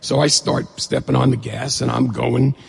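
Gravelly, raspy man telling a story. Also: moderate pace. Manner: animated, acts out dialogue with rising pitch. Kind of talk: humorous personal storytelling. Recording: long hall reverb.

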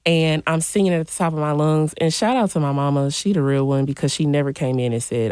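Low-voiced chatty woman DJ. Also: brisk, clear, resonant tone, no echo. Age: late 20s. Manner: animated, chatty, playful asides. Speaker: DJ, guest. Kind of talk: radio interview. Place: radio studio.

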